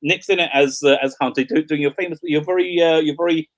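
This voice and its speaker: A man's voice: fairly high pitch, steady tone, fast talker. A man hosting an interview on a video call, an eager fan who stumbles and repeats words as he talks. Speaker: podcast host.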